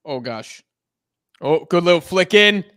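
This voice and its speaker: A man's voice: high voice, a little slow, smooth, no echo, clean studio sound. Young man calling football play casually. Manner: relaxed, calls the play as it happens. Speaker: co-host of a match watch-along.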